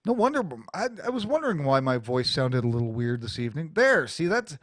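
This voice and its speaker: A man's voice: mid-range voice, big pitch swings, fairly quick, a bit bright, dry recording. A man with an American accent hosting a small studio radio show, ranting bluntly and crudely in a rambling, profane way into a studio mic. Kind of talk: profane talk-radio rant. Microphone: studio mic with adjustable EQ.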